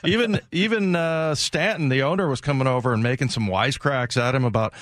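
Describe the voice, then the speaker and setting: A man's voice: medium pitch, fairly quick, fairly bright tone, no room sound, studio quality. A man co-hosting a sports talk show, telling a teasing story about a colleague. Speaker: sports radio co-host. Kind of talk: sports talk radio banter.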